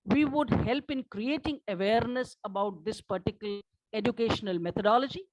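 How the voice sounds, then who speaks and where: A woman presenting her research study at a conference, speaking in a measured way and asking for the next slide. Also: on the high side, no echo, rough recording.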